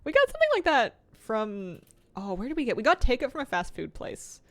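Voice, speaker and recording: A woman's voice: on the high side, wildly swooping pitch, brisk, a bit bright. A woman game streamer in casual chat with her viewers, rambling and self-mocking and laughing often.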